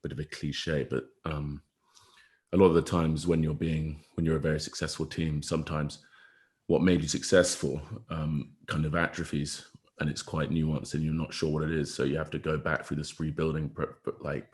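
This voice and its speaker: A man's voice: rumbling low, little pitch movement, moderate pace. A man, a rugby player co-hosting a podcast, chatting casually in a rambling, slangy way. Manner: rambling, laughs often, slangy. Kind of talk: casual chat.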